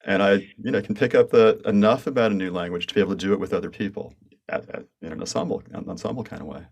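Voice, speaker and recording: An American man with a very deep voice hosts a relaxed interview. He chats eagerly and often stumbles and restarts his phrases as he shares his own ideas. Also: fast, vocal fry, slightly rough. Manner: enthusiastic, stammering restarts. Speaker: podcast host. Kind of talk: casual interview conversation.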